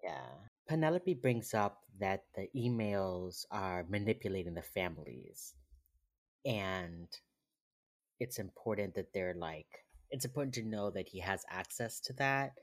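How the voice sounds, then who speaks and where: A man's voice: low voice, lively intonation, measured pace. A man co-hosting a podcast in casual chat, recapping an episode in a laid-back way and often chuckling. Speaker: podcast co-host.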